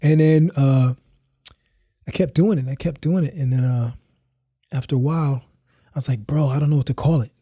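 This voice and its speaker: A man's voice: mid-range voice, a little fast, pauses often, warm tone, breathy edge, no echo, clean studio sound. A man, a house dancer guesting on a podcast, telling his story in a laid-back, slangy, rambling way and acting out what his friends said.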